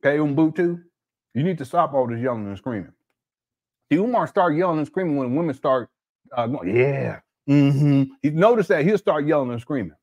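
Man, commentary host, eating while talking, joking asides, slightly high voice. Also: expressive, fairly quick, darkish tone. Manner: joking, laughing, mocking asides. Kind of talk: casual reaction commentary.

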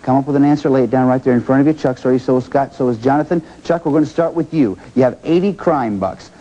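A man hosting a TV game show, energetic and encouraging, repeating each contestant's answer. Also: medium pitch, quick pace, dull audio.

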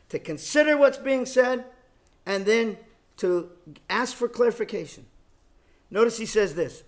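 A middle-aged man giving a Bible lecture, speaking in a measured way and repeating key phrases for emphasis. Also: high voice, a bit bright. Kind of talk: sermon.

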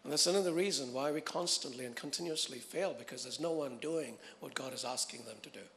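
A man preaching a sermon, emphatic and repetitive, swinging from loud, driving lines to hushed, slow ones. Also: medium pitch, in a large hall.

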